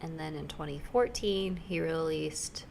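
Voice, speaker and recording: Gravelly low-voiced young woman. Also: measured pace, a little hiss or hum. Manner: relaxed, reads facts off, fillers. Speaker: podcast co-host. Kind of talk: casual chat. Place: small studio in a dorm basement. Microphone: desk microphone.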